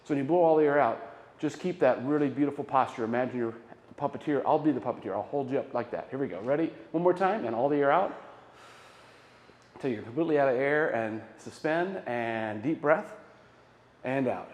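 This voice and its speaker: A man of ordinary pitch leads a choral warm-up, encouraging the singers and counting each breathing exercise aloud. His voice rings through a large, echoing hall with a long reverb tail. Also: animated, fast talker. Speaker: choir director. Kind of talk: guided vocal warm-up instruction.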